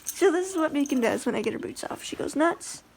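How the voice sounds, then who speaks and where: A woman's voice: high-pitched, animated, brisk, slight background noise. A woman talking in a casual vlog about life with her guide dog, chatty and rambling with lots of fillers and restarts.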